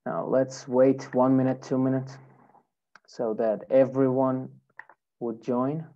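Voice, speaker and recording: Low, slow-talking woman teaching English. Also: little pitch movement, dark tone, highs cut off. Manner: friendly, greets students by name. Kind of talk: online live English lesson.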